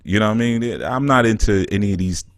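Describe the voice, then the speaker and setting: A man speaks in a low register and trades playful jabs in casual slang as a call-in host. His voice is dry and close, with no room sound around it. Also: fast talker, dry recording. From New York. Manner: teasing, joking, laid-back slang. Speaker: spiritual counselor and show host.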